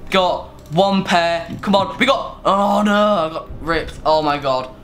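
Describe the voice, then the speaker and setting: Excitable young man, gaming commentary. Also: high voice, measured pace. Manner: excitable, swearing, swings between yelling and groaning. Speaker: gaming streamer. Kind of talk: live gameplay commentary.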